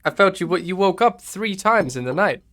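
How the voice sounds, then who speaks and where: A man voicing the agent's girlfriend, a wistful, touchy woman writer, in his own voice lifted a little higher. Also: expressive, normal speed, a bit bright, a little hiss or hum. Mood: concerned. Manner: plain voice with the pitch lifted, no put-on accent. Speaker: game master voicing a character. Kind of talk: tabletop role-play character voice.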